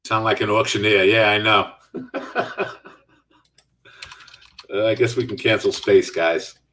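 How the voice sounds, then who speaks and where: Low-voiced man reading chat on a live trading stream. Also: fairly even intonation, slow pace, bright, forceful tone, distant mic. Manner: casual, reads out and answers viewer chat while trading. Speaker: stock trading host.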